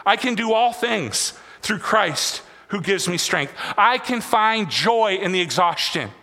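A high-pitched, bright-toned male pastor delivers a rhythmic sermon, repeating his lines in waves and dropping quiet for emphasis. His voice rings out in a church sanctuary with a long, trailing hall reverb. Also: animated, a little slow. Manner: repetitive, rhythmic preaching with sudden soft drops.

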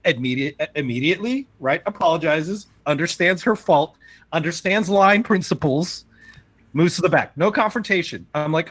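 A man co-hosting a casual podcast chat, telling a story in an animated way and acting out the people in it. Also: on the high side, normal speed, breathy edge, no room sound. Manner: animated storyteller, acts out quoted people, swears freely. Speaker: podcast co-host.

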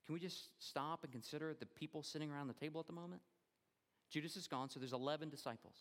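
A man delivers a sermon in a fairly high voice, and his words ring out in a long church reverb. He is expressive, often sinking low and quiet to stress a point. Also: quick pace. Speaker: pastor.

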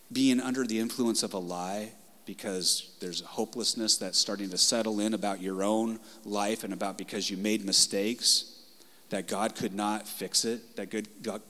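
A male pastor preaching a passionate, conversational sermon in a church, moving between loud and soft delivery. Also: on the low side, long reverb tail. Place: church sanctuary.

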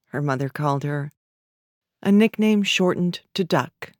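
A woman narrating literary fiction in a measured, even storytelling manner. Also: deep voice, no echo, clean studio sound.

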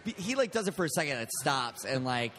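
A man hosting a podcast, telling a long story in casual chat, animated and often laughing. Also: medium pitch, fast. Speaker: podcast host.

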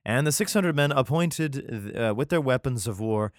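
A man reads old scripture aloud and keeps cutting in with sarcastic, profane jokes. His voice rises and falls in a lively way, and the sound is close and dry with no room echo. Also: mid-range voice, normal speed. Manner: irreverent, sarcastic profane asides. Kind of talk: reading scripture aloud with comedic commentary.

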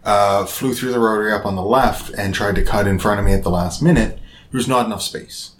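Low-voiced man telling a profane story. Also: a little fast. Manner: profane, animated retelling with acted-out quotes. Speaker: storyteller in a casual podcast chat. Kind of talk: casual chat, storytelling.

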